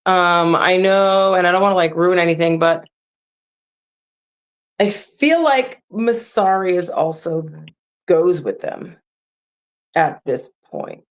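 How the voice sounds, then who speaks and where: A woman's voice: fairly low pitch, slow pace, long pauses. A woman co-hosting a podcast, rambling casually with lots of "like" as she shares her opinions about a show. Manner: rambling, heavy use of "like". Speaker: podcast co-host. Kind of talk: casual recap chat.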